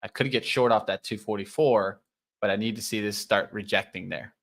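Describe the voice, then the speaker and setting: A man's voice: lowish voice, steady tone, brisk, a bit bright. A man co-hosting a live trading show, giving running play-by-play of price moves and his trades. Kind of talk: live market commentary.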